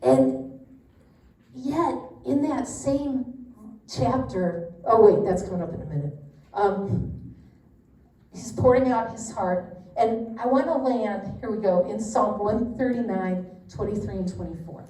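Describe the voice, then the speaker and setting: Speaking slowly and expressively in a dark, mid-range voice, a middle-aged woman runs a women's Bible study in a church meeting room. Her casual teaching is candid and chatty, with plenty of asides, captured by a distant mic with roomy echo.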